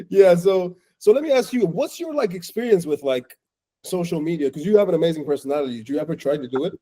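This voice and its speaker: A man's voice: high-pitched, expressive, fairly quick, pauses often, a bit bright, rough recording. A man hosting an interview, enthusiastic and teasing as he praises his guest and asks questions. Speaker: host.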